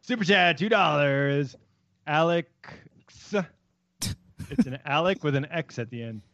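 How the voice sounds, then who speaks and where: A man's voice: a little high, expressive, unhurried, fairly bright tone, dry recording, dull audio. A young man co-hosting a casual podcast, making dry teasing quips. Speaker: podcast co-host. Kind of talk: casual chat.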